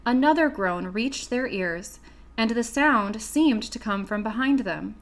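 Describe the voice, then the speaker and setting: A woman reads a classic children's story aloud, steady and clear. Her pitch sits in the middle for a woman. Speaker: audiobook reader. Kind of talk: storybook narration.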